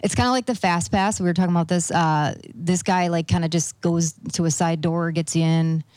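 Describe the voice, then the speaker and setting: A middle-aged woman in casual chat, telling a lively travel story with many fillers. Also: lowish voice, fairly quick, no room sound. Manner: animated storyteller, acts out quoted voices.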